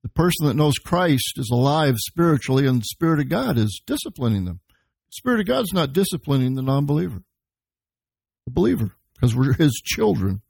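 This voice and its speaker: A man's voice: mid-range voice, sing-song, brisk, vocal fry, darkish tone, husky, no echo. A man preaching as pastor, teaching verse by verse and explaining the Greek words behind the scripture he quotes. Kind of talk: verse-by-verse sermon.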